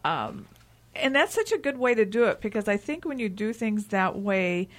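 A woman's voice: mid-range voice, sing-song, normal speed. A woman hosting a talk show and interviewing a guest, chatty, with many restarts. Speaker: radio talk show host.

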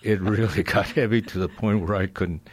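A man from California talking as a guest about his years as a cameraman, in a halting way with many restarts. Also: lowish voice, fairly even intonation, husky, dry recording. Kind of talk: casual interview talk.

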